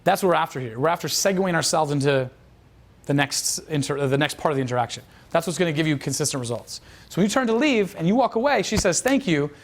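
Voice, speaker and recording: A man's voice: on the high side, expressive, fast. A man giving a casual instructional talk as a dating coach, rambling with restarts and acting out quoted lines.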